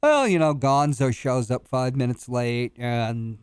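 A man's voice: medium pitch, animated, unhurried, smooth, dry recording, studio quality. A man bantering on a talk radio show, laid-back and mumbly, with a lot of yeahs. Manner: mumbling, laid-back, keeps saying yeah. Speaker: radio co-host and guest.

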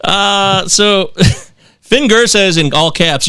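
A man's voice: sits high, slow pace, bright, forceful tone, clean tone, dry recording, clean studio sound. A man hosting a casual comedy podcast, reading listener emails aloud in mocking, exaggerated voices and laughing often.

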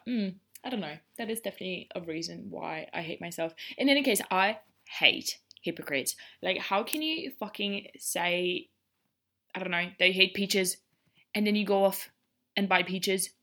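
Speaking at a moderate pace, this young podcast host has a fairly low pitch and a bright, forceful delivery. Her solo show is a casual ranting monologue, full of bluntness, profanity and sarcasm.

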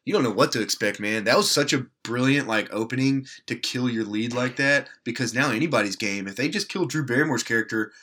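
A man's voice: medium pitch, fairly quick, hardly any pauses, sharp tone. A man co-hosting a podcast, talking bluntly and swearing freely in casual chat. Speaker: podcast co-host.

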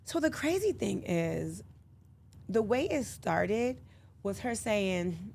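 A woman's voice: mid-range voice, lively intonation, takes it slowly, gravelly, darkish tone. A woman guest in casual interview chat, who tells stories animatedly and acts out the lines she quotes. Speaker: podcast guest.

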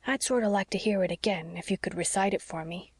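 A woman reading as a frail, gentle old sea captain. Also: mid-range voice, fast, slightly rough, no room sound, clean studio sound, natural voice. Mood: tender.

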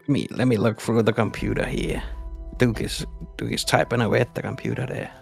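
A man playing a tabletop game, calmly talking and often repeating words as he starts a phrase. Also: on the low side, fairly quick, gravelly, faint music behind. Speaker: player. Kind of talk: casual tabletop game chat.

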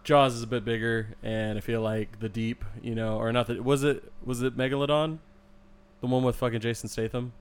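A man's voice: medium pitch, level tone, a little fast, clear, resonant tone. Joking, cursing man in casual chat. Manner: joking, swears freely.

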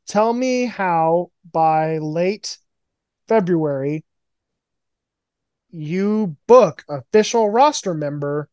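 A man's voice: high-pitched, no echo, muffled recording. Man, podcast host, rambling profane storytelling, dry close sound, video call. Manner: profane, rambling, animated storytelling with mock quotes. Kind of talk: casual fantasy booking chat.

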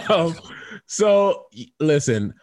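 A man co-hosting a podcast, telling stories in casual banter and often breaking into high squeals and laughs. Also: extremely slow. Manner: animated storyteller, jumps into high squeals and laughs. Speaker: podcast co-host.

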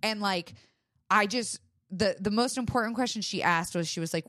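A young woman co-hosts a casual podcast and tells her story with energy, slipping into the voices of the people in it. She talks at a middle pitch. Her voice is close and dry, with no room sound. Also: moderate pace, no echo. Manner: animated storytelling, acts out quotes, frequent "like". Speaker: podcast co-host. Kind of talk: casual chat.

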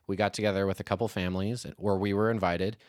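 Low-voiced man musing in casual chat. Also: level tone, fast talker, a little mellow, no echo, studio quality. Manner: thoughtful, lists ideas in stretched phrases. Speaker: podcast co-host. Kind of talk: casual conversation.

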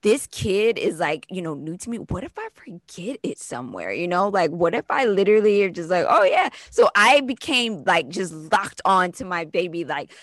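Animated mother telling birth stories. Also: on the low side, moderate pace, hardly any pauses, no room sound. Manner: animated storyteller, acts out quoted voices. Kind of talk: casual chat.

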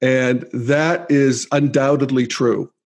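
Guy doing a solo podcast, thinking out loud, calm and measured. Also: medium pitch. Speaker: podcast host. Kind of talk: reflective solo podcast monologue.

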